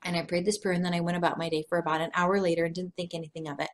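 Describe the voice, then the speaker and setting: Woman, 30s, devotional speaker; earnest, conversational, slow and deliberate delivery. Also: fairly low pitch, level tone. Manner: tells personal stories with frank honesty. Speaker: Christian speaker. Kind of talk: devotional teaching talk.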